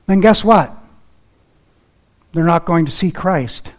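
A pastor delivers a sermon earnestly and with emphasis, repeating key phrases before closing in prayer. His voice is slightly high and his delivery slow.

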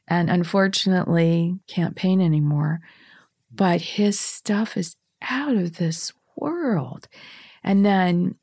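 Slow-talking chatty woman in her sixties. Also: on the low side, gravelly, a little mellow, no room sound, clean studio sound. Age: 60s. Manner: chatty, laughing often, with many restarts. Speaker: guest. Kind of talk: casual conversational storytelling.

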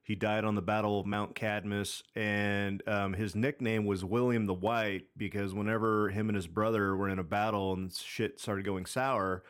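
A man in his thirties tells a long story on a casual podcast, wandering through fillers and restarts. His voice sits low and sounds clean and smooth. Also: flat delivery, moderate pace, few pauses. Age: 30s. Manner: rambling, many fillers and restarts. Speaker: podcast co-host.

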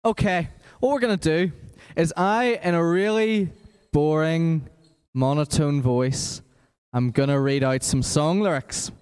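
Energetic man leading a church kids' quiz. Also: a little high, unhurried, clear, resonant tone. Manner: energetic, encouraging, talks to a crowd. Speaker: children's worship leader running a quiz. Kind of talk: lively church address to children. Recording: echoey church hall.

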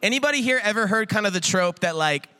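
A man preaching a casual, energetic sermon as a guest speaker, playful and full of filler words, acting out little quoted voices. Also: sits high, fast, smooth, no room sound. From Iowa, US.

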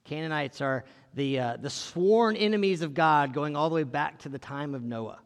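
A man's voice: fairly high pitch, normal speed, big-room sound. A man preaching a conversational sermon, reading scripture and asking his listeners questions in a casual way. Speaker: pastor.

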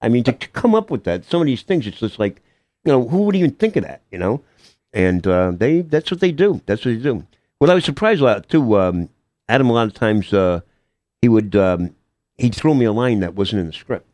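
An older man, an actor guest in a casual radio interview, talking haltingly with lots of fillers and restarts. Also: medium pitch, big pitch swings, darkish tone, no room sound.

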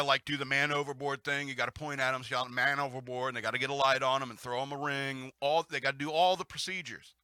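A man's voice: medium pitch, sharp tone, no room sound. A man hosting a talk radio show, rambling and chuckling through casual commentary and news reading, with frequent restarts.

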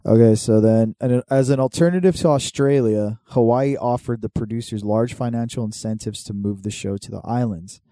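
Young man, casual podcast chat, dark mellow voice, dry close sound, swears a lot. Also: medium pitch, normal speed, hardly any pauses, no room sound. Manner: laid-back, swears often, reads aloud from notes. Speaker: podcast co-host.

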